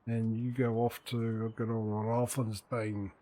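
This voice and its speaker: Here he sounds lower and mellow, slow and level in tone. The talk is still chatty gameplay commentary as he streams the farming game, addressing his in-game workers with dry humor.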